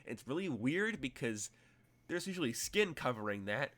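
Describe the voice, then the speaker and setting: A man's voice: medium pitch, big pitch swings, normal speed, fairly bright tone. A man narrating as game master in a tabletop role-playing game, rambling through vivid, detailed scene descriptions.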